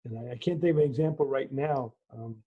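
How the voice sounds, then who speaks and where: A man lecturing in a Q&A over a video call, telling a personal story in an animated way, acting out dialogue and often restarting his sentences. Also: medium pitch, fast talker. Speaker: lecturer answering questions. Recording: muffled lo-fi video call audio.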